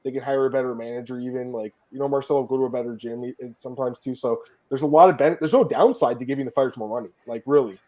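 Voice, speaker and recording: A podcast host runs a casual sports podcast, talking fast and excitedly in a mid-range voice. He swears and laughs often.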